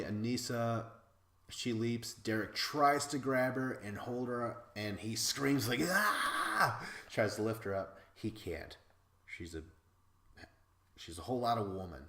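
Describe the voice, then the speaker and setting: A man from Wisconsin hosting a podcast, recapping episodes in a casual, excitable way, swearing freely and laughing as he talks. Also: lowish voice, echoey room. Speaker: podcast host.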